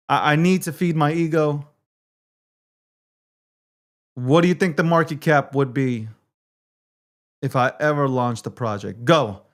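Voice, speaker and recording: A man with a high-pitched voice hosts his own live stream, talking loosely and profanely as he reads out viewer comments. He swings between playful wounded feelings and loud hype. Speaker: livestream show host. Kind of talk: casual live-stream chat.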